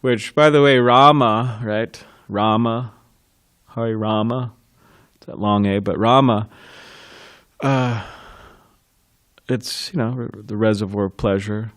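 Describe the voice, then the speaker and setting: A man giving a devotional class, recounting a memory with frequent chuckles and halting restarts. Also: on the low side, no room sound, clean studio sound. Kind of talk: reminiscing in a scripture class.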